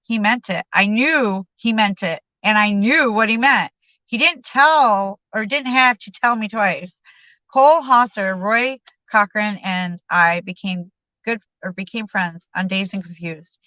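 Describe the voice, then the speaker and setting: Reading from a memoir during a live stream, this woman keeps stumbling and restarting. She speaks at a measured pace in a medium, bright, forceful voice, picked up dry by a streaming mic with dull lo-fi sound.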